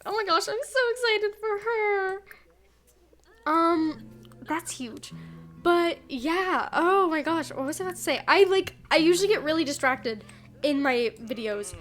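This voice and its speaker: A young woman chatting through a life-sim let's play, animated and gushing, full of "like" and "oh my gosh". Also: very high voice, measured pace. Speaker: gaming YouTuber. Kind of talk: excited let's play commentary.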